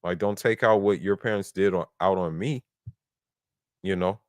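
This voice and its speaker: A man's voice: sits low, normal speed, a little mellow, no echo. A man in a casual podcast discussion who talks bluntly and argues his points, at times reciting verses in Arabic. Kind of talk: casual debate talk.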